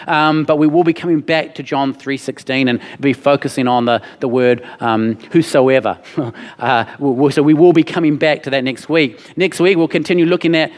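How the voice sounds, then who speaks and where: A man's voice: fairly high pitch, steady tone, moderate pace, in a large hall. A man preaching a sermon, earnest and emphatic, repeating his key phrases for weight. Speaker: pastor.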